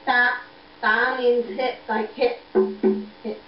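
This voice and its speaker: A young mother coaxing her toddler in high sing-song baby talk over a video call, repeating simple prompts. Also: level tone, takes it slowly, faint music behind. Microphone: computer video call mic. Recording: dull echoey video-call audio, faint noise.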